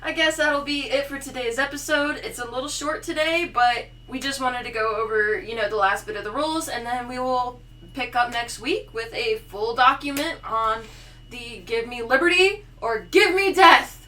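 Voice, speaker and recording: A woman co-hosting a casual podcast, chatty and quick to laugh. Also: fairly high pitch. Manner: laughs often, chatty and animated. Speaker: podcast co-host. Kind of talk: casual chat. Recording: distant mic with faint noise.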